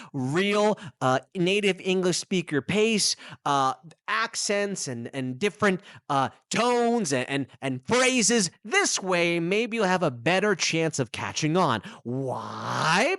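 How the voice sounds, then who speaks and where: Man, podcast host and English teacher, emphatic solo talk into a mic, very lively pitch, dry close sound. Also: no echo. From United States. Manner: animated, emphatic, talking straight to the listener. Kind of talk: casual solo podcast monologue. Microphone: studio microphone.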